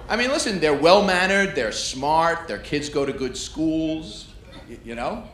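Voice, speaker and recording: Brash New stand-up comic. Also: male voice, fairly high pitch, expressive, unhurried. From New York. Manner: brash, crowd-baiting, works the audience. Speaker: stand-up comedian. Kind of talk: stand-up comedy set. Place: comedy club stage. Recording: echoey club, loud crowd noise.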